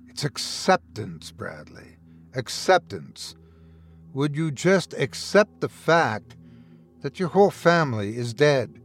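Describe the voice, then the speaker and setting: Cruel taunting doctor, slow hushed delivery, lively swooping pitch, as a narrator puts him on. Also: male voice, gravelly, heavily acted. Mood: menacing. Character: menacing, mocking adult male doctor.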